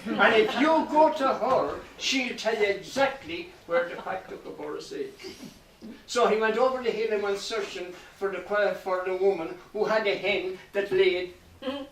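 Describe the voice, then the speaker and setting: A man's voice: high voice, normal speed, a bit bright, a little hiss or hum. A man telling a tall folk tale to a live audience in a lilting storytelling manner, giving voices to the characters he meets. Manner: lilting nonsense-tale delivery with voiced exchanges. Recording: echoey hall recorded from a distance.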